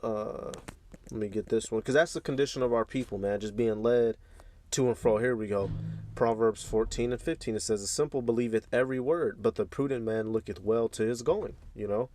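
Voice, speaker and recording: A male host giving casual reaction commentary in an easygoing, slangy way. He chuckles often and reads passages aloud in a relaxed, mid-pitched voice. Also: fairly quick. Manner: laid-back, chuckling, slangy.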